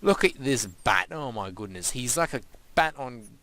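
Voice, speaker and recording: A man's voice: medium pitch, animated, moderate pace, fairly bright tone, no echo. A young man giving casual, rambling let's-play commentary and playfully talking to the animals and objects in his game. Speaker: gaming channel host.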